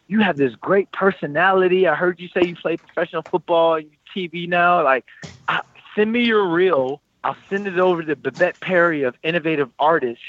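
A man in his thirties casually telling a personal story, animated and acting out what others said. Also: a little high, phone-quality sound. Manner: animated, quotes people in lively voices.

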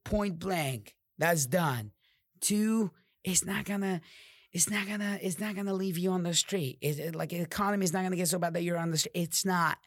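A man hosting a podcast, delivering a profane, fired-up motivational monologue that drops into low growls. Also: normal speed, fairly bright tone, no room sound, clean studio sound. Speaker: podcast host.

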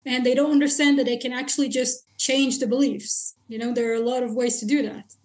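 A high-pitched woman speaks as a coach and guest on a podcast. She explains her methods bluntly and matter-of-factly in casual conversation. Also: steady tone, fairly quick. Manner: direct and matter-of-fact, blunt. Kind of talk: casual interview chat.

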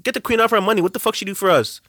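A man's voice: sits high, rapid-fire, fairly bright tone, no room sound, clean studio sound. A man in a casual chat, talking bluntly and profanely, often breaking into laughter.

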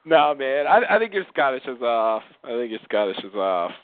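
A man chatting casually, halting and fumbling for words, swearing now and then. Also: medium pitch, sing-song, dry recording. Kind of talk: casual chat. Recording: dry tinny phone-like sound.

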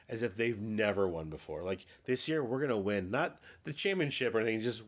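A man's voice: lowish voice, lively intonation, fast talker, hardly any pauses. Sweary rambling man chatting about a movie. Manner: rambling, sweary, acts out quotes. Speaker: podcast co-host. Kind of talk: casual movie chat.

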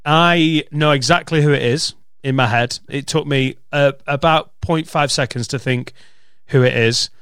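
Sweary, animated male podcast host. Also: a little high, a little slow, clean tone, no echo, clean studio sound. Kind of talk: casual chat.

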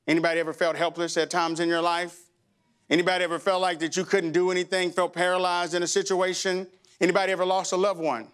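Middle-aged male pastor, smooth, resonant voice pitched a little high, emotional storyteller turned fervent preacher. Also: level tone, fast, fairly bright tone. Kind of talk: sermon. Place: church.

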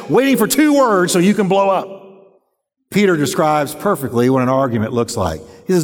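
A man preaching a sermon as pastor, emphatic and dramatic, acting out examples as he goes. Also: high voice. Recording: long reverb of a large hall.

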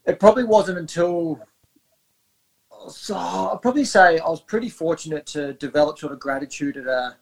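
A man's voice: a little high, normal speed, creaky. An Australian man in his thirties, a guest on a podcast, talking earnestly and reflectively with many fillers and restarts. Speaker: podcast guest, wellbeing coach. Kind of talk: casual interview chat.

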